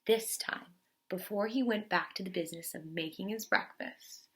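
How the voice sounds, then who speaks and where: A young woman teacher reading a picture book aloud to children, expressive and pausing to ask questions. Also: medium pitch. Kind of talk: children's story read-aloud.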